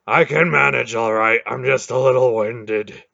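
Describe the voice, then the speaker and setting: A huge, powerful warrior gasps for breath between loud, slowed words, as a man puts him on. His voice is bright and strained. The recording sounds dry and somewhat dull. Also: mid-range voice, vocal fry, no room sound, exaggerated voice. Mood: breathless. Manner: gasping, out of breath. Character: huge strong winded male warrior.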